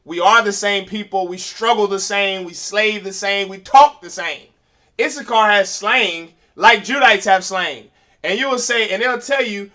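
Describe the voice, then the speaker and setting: A man teaching a class in an emphatic preaching style, asking rhetorical questions and rising to loud, forceful delivery. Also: high-pitched, normal speed. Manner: uses rhetorical questions and quoted voices.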